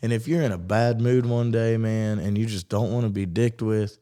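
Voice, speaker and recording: A man's voice: fairly low pitch, steady tone, moderate pace, warm tone, smooth. A man, co-hosting a casual podcast, talking bluntly and profanely about life as a musician. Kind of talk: casual chat.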